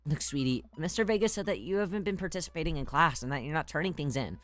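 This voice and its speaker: A woman voicing an awkward, well-meaning middle-aged father who talks gently and earnestly to his teen daughter in a video game. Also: low voice, expressive, fast. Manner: gentle, fumbling, dad-joke earnest.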